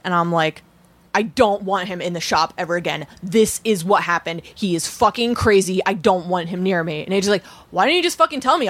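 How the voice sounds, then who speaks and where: A woman's voice: fairly low pitch, a bit bright. A young adult woman telling a story in casual chat, blunt and profane, acting out the people she quotes.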